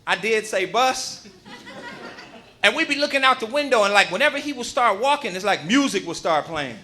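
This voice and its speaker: Onstage at a comedy club, a man delivers animated, punchy stories into a handheld microphone during his live stand-up set. He speaks at a moderate pace in a high voice.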